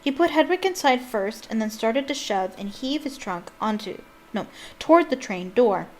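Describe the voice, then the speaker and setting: A woman's voice: on the high side, animated, moderate pace, darkish tone, a little hiss or hum. A woman reading a novel aloud expressively, breaking off for chatty asides with ums.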